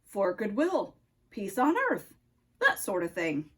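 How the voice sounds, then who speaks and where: A woman doing a gruff Russian-accented Nutcracker. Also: sing-song, slow, a bit bright. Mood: gruff jovial. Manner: jovial, booming, calls others comrade. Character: gruff proud male Nutcracker ornament. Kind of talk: storybook read-aloud.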